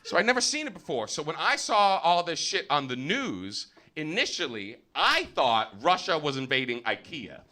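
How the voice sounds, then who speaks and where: A man with an American accent doing live stand-up, loud and profane, with a lot of filler uhs. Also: fairly high pitch, very animated, normal speed, hardly any pauses, noisy background. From United States. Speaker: stand-up comedian. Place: comedy theater stage.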